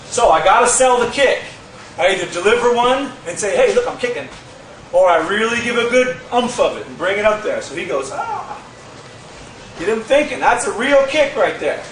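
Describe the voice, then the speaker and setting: A man teaching a martial arts move in a lively, demonstrative way, with sound effects, recorded from a distant camera. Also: high-pitched, slight background noise. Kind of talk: casual instructional demonstration. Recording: echoey gym from far off with crowd.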